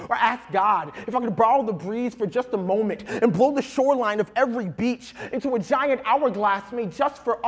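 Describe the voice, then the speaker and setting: This high-voiced young man from New York performs spoken-word poetry live in a college hall. After bantering with the crowd, he delivers an original poem whose rhythm rises and falls.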